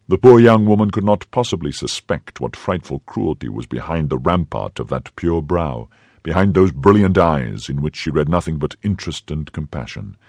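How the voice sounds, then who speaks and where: A man narrating a classic novel as an audiobook, in an expressive storytelling manner. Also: a bass voice, moderate pace, no room sound.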